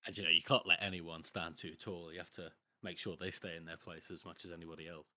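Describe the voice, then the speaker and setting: A man's voice: sits low, little pitch movement, quick pace, sharp tone, dry recording, clean studio sound. A man co-hosting a book podcast, chatting in a thoughtful, agreeable way. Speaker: podcast co-host. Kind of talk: casual book-discussion chat.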